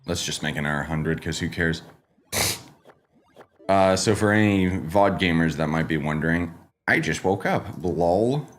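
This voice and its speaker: A man's voice: deep voice, expressive, unhurried. A man streaming a game live, chatting casually and rambling while greeting viewers by name, his voice congested from just waking up. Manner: laid-back, rambling, greets chat by name. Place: home streaming setup with green screen.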